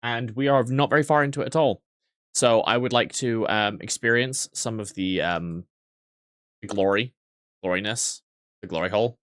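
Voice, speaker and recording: A man's voice: on the low side, normal speed, a bit bright, dry recording, studio quality. Rambling, self-mocking man streaming a game. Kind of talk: casual gameplay commentary.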